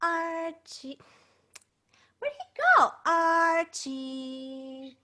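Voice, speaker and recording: A woman's voice: very high-pitched, big pitch swings, drawn-out words, sharp tone. A woman hosting a bilingual children's show, playful and encouraging as she talks to the kids. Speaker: children's performer.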